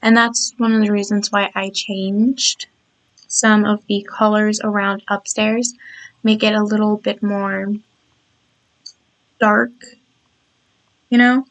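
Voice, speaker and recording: A tired woman with a slightly croaky, scratchy voice, chatting casually over a video of her game build and rambling with lots of restarts. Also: mid-range voice, flat delivery, slow, pauses often. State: tired and yawning.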